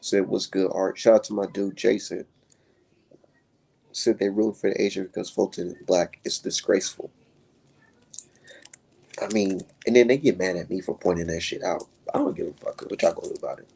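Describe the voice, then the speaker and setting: A low-pitched man with a gravelly, husky voice rants on his live stream. He swears constantly and his pitch leaps up when he gets worked up, then drops back down into a rough mutter. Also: fairly even intonation, brisk, long pauses, dark tone. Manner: heated, profane, swinging pitch. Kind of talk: profane live-stream rant.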